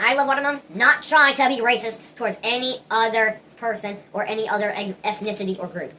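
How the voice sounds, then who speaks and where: A woman talks straight to the camera in a casual opinion vlog, earnest and rambling, often stopping to restart her sentences. Her voice sits a little high and sounds bright and forward. A faint hiss runs underneath. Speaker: vlogger.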